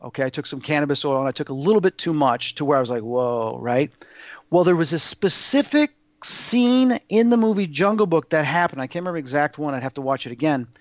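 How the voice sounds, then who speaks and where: Earnest rambling man, slightly high voice. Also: fast, no echo, highs cut off. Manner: earnest, rambling, with many fillers and restarts. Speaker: guest sharing personal experiences. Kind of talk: casual spoken storytelling.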